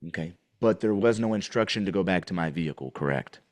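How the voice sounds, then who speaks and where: A man's voice: sits low, expressive, quick pace. A man questioning an officer in a deposition, pointed and pressing, repeating his questions.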